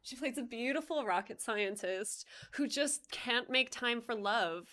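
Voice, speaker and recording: A woman's voice: fairly high pitch, measured pace, bright, forceful tone. A woman co-hosting a podcast livestream, chatting playfully and laughing often as she talks. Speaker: podcast co-host. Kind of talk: casual livestream chat.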